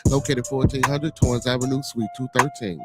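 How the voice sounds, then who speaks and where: A man with a Chicago accent hosting a solo podcast in a relaxed, chatty way, repeating shout-outs and leaning on fillers. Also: mid-range voice, a little fast, over loud music. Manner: laid-back, repetitive shout-outs and fillers. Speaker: podcast host. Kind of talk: casual solo podcast chat.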